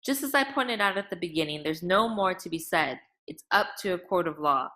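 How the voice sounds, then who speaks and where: A woman voicing an impassive, curt man who speaks flatly about the law. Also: lowish voice, brisk.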